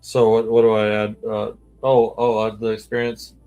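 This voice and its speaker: A man playing a tabletop role-playing game over a voice call. He talks haltingly, restarting sentences and filling them with uhs. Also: fairly low pitch, completely flat delivery, mellow, smooth, lo-fi sound, soft background music. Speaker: player.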